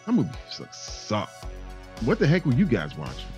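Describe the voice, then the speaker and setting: A man's voice: medium pitch, wildly swooping pitch, normal speed, a little mellow, faint music behind. A man co-hosting a horror podcast, talking bluntly in slangy, teasing casual chat. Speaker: podcast co-host.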